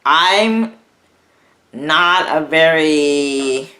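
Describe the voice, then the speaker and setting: A young man telling a personal story in a vlog, halting and rambling, often restarting his sentences. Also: fairly high pitch, bright, forceful tone. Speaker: vlogger.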